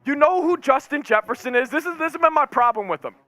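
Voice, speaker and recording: A man streaming as a sports fan, calling plays live with hyped yells and rambling reactions. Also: very high-pitched, animated, quick pace, no echo. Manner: hyped, yelling, rambling play-by-play.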